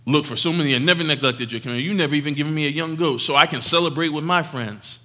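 A man voicing a resentful older brother who complains loudly and indignantly. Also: mid-range voice, lively intonation, normal speed. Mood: aggrieved.

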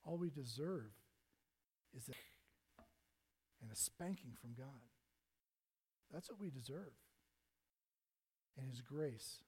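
A pastor preaches earnestly in a mid-range voice with a breathy edge, swelling to loud passages and then sinking nearly to a hush. Along the way he acts out prayers and Bible figures.

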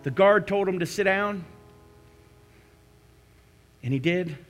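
A man preaching a communion sermon as a pastor, swinging between passionate cries and hushed prayer. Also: high voice, takes it slowly, faint music behind. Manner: impassioned storytelling, rising to cries then hushing to prayer.

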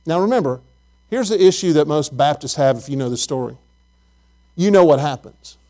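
A man's voice: fairly high pitch, expressive, moderate pace, dark tone. A man preaching a Bible lesson, asking his listeners questions and often repeating words as he goes.

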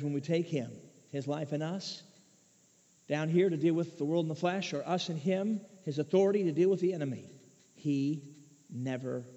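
Male preacher, high voice, quiet then yelling, muffled reverb-y church sound. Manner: swings from hushed to shouting. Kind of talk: sermon. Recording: muffled echoey hall recording.

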